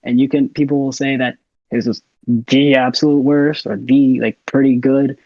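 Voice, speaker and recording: A man's voice: mid-range voice, little pitch movement, normal speed, dry recording. A laid-back young man from the United States, talking easily as a podcast guest and laughing now and then. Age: young adult. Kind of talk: casual conversation. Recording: dull lo-fi dry audio.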